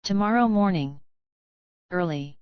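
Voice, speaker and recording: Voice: mid-range voice, animated, measured pace, smooth, no room sound, lo-fi sound, close to an everyday voice. A woman voicing a terse, godlike creature in pony form who answers in clipped words.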